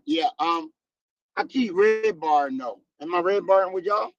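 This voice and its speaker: A man's voice: sits high, moderate pace, no room sound. A man co-hosting a casual morning show by video call, talking in a reflective, folksy way. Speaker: co-host. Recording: dull lo-fi call audio.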